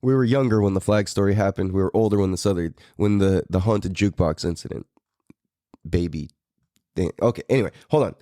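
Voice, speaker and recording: Low and warm, the voice of this middle-aged Mira Mesa, San Diego native runs a little fast in a studio-quality recording with no room sound. He's a podcast host telling a story in a relaxed, profane, casual chat, laughing often.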